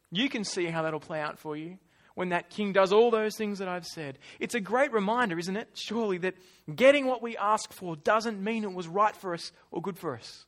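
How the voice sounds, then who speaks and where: A man preaching a sermon, animated and acting out quoted voices, then dropping to quiet asides. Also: high-pitched, normal speed.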